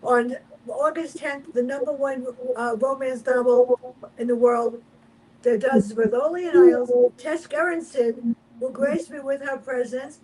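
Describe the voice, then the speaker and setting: High-voiced woman host, mellow tone. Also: a little slow, low-quality recording. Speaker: radio host. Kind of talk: announcing upcoming guests.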